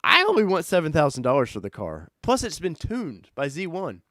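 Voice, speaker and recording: A man hosting a casual live-stream car chat, talking loosely and excitably, jumping from loud bursts to mutters. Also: fairly high pitch, brisk, dry recording, studio quality. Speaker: host.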